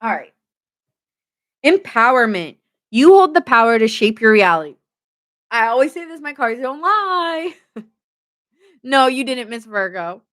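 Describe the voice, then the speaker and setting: A woman's voice: on the high side, sing-song, measured pace, pauses often, fairly bright tone. A woman hosting a live tarot reading, chatty and playful, often laughing and greeting viewers by name.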